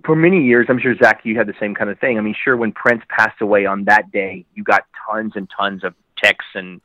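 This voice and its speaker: A man who works as an actor, guesting on an interview and telling rambling, animated stories. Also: brisk, no echo, muffled recording. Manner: animated, jumps into high voices when quoting people; rambling with many fillers and restarts. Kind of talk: casual storytelling interview.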